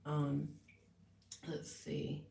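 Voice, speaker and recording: A woman's voice: sits low, completely flat delivery, very slow, gravelly, mellow, roomy sound, slight background noise, low-quality recording. A woman musician chatting casually in a live get-ready-with-me vlog, rambling and reflective with many fillers. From United States. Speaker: musician and vlogger. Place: small hotel bathroom indoors.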